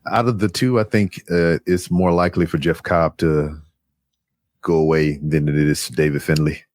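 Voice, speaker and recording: A rumbling, low, slightly mellow voice comes through clean studio audio with no room sound, steady and at normal speed. He co-hosts a podcast, chatting casually about wrestling in a laid-back, joking way and rambling through his points.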